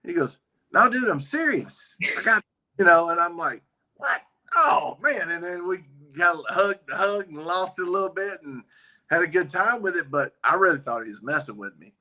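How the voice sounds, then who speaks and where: A man's voice: high voice, a little fast. A man, a guest on a faith interview show, telling a story in a casual, folksy way and acting out the dialogue. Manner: folksy, relaxed, acts out quoted dialogue. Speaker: guest, biker ministry member.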